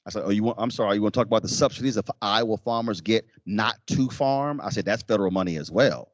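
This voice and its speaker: A man's voice: fairly low pitch, fast talker, dry recording, studio quality. A man giving a university keynote lecture, telling stories and acting out what other people said in shifting voices. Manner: animated, acts out quotes in shifting voices. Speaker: keynote speaker. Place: lecture hall.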